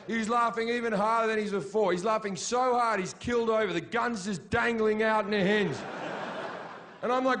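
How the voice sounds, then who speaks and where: A middle-aged man telling a crude war story as a stand-up comedian, breaking into shouted punchlines. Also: sits high, fairly even intonation, normal speed. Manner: crude, shouty punchlines with sudden yelled quotes. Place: comedy stage before a laughing audience.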